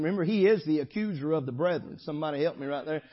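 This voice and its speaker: A man preaching a sermon, shifting from loud exhortation to quiet storytelling. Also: a little high, fast, hardly any pauses, slightly rough, dull audio. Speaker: pastor.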